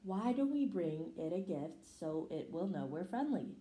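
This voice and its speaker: Hopeful mouse from a woman reader; gentle, suggesting storybook tone. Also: lowish voice, very animated, a little slow. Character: friendly hopeful female mouse. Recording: roomy echo.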